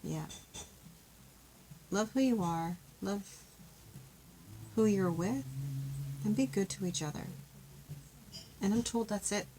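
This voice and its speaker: A woman gives a love reading from a card deck, talking in a gentle, chatty, heartfelt way. Her voice sits at an everyday middle pitch. A faint hiss runs under the recording. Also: animated, measured pace, long pauses, low-quality recording. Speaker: tarot card reader. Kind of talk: intuitive card reading to camera.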